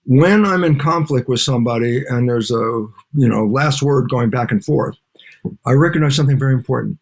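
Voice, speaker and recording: Older male lecturer, animated, plays out dialogues mid-answer. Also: mid-range voice, normal speed. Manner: animated, acts out back-and-forth dialogues. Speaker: guest scientist and lecturer. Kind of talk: interview conversation.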